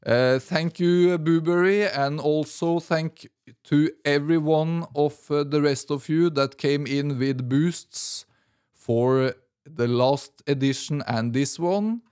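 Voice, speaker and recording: A man hosting a music podcast, talking in a casual, halting way with many "uh" fillers as he reads out listener thanks. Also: a little high, a little mellow, clean tone. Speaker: podcast music show host.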